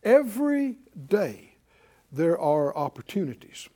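High, animated preaching man. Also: slow. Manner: call-and-response preaching, swings between loud declarations and low asides. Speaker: pastor. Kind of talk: sermon.

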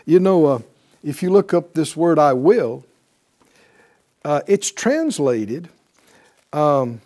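A man teaching a Bible class in a fervent preaching style, breaking into hallelujahs and quick laughs. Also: a little high, sing-song, mellow.

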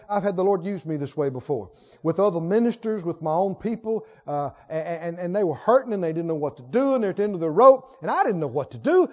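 A man preaching a sermon with animated delivery, leading the congregation in call-and-response. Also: sits high, highs cut off. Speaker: pastor.

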